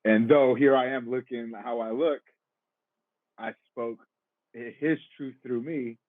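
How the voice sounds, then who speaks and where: A man's voice: medium pitch, fairly even intonation, a little slow, no echo, narrow, tinny audio. A man in his thirties, an actor and podcast guest, talking casually and reflectively, laughing easily. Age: 30s. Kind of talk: casual interview chat.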